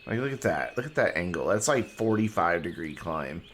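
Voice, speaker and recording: Low-voiced guy streaming a city builder, super up-and-down delivery, chatting to viewers, bit of faint hiss. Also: normal speed. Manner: relaxed, chatty, talks to himself and chat while playing; talking with mouth full. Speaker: game streamer. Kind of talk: casual live-stream commentary.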